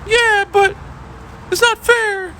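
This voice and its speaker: A man voicing a whiny young schoolgirl who complains in a high, pleading falsetto. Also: fairly even intonation, takes it slowly, sharp tone, a little hiss or hum, heavily acted. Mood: whining.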